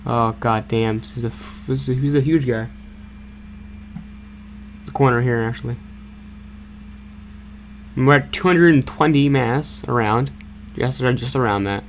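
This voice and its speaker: A young man hosting a gaming channel, giving excitable, jokey play-by-play commentary with stammered repeats and sudden yelps. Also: medium pitch, measured pace, pauses often, a little hiss or hum. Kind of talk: casual gameplay commentary.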